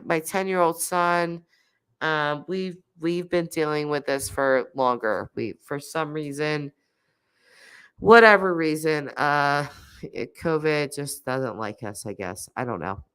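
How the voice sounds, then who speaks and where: A woman's voice: deep voice, a bit bright, smooth. A woman in her thirties, nasal and congested from a cold, chatting casually on a live stream and reading out viewer comments. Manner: coughing; chatty, laughs often, many fillers.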